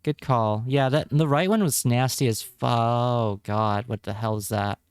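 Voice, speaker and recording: A man's voice: medium pitch, measured pace, clean tone, dry recording, clean studio sound. A man streaming live, chatting casually with his viewers and reacting with wry remarks and repeated words.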